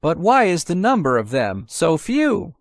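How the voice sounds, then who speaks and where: A man presenting outdoors as a snake expert, explaining eggs and nesting in a lively way, often repeating his points. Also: sits high, unhurried, no room sound, clean studio sound. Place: outdoors in grass.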